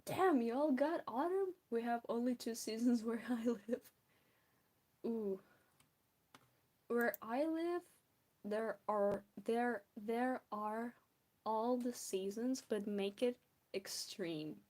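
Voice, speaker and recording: A woman's voice: fairly high pitch, slow, long pauses, a little mellow. A young woman from Belarus with a Belarusian accent, chatting casually and giggling with viewers while drawing on a stream. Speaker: art streamer.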